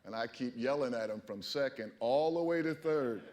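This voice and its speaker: A man in his fifties stands before a library audience and tells stories from his playing days. He talks in an animated way, laughs often and acts out his own reactions. His pitch sits in the middle range for a man. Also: normal speed. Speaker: former baseball player telling stories. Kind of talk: storytelling talk at a library event. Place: public library event hall.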